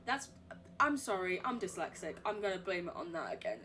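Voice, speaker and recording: A woman's voice: medium pitch, big pitch swings, normal speed, a little hiss or hum. A young woman with an English accent, streaming a game live, reading notes aloud and chatting in a rambling way, swearing casually and laughing often.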